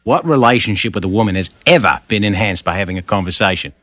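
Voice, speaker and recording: An actor playing a gruff, blunt adult man in a cartoon sitcom, grumbling. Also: on the low side, lively intonation, fast talker, fairly bright tone, dry recording.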